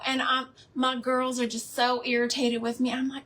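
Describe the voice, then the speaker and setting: A woman's voice: sits high, fairly even intonation, slow, long pauses, fairly bright tone, slight background noise. A woman hosting a live crafting stream from her home, chatting in a rambling way and laughing often. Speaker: craft livestream host. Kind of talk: casual chat while crafting live.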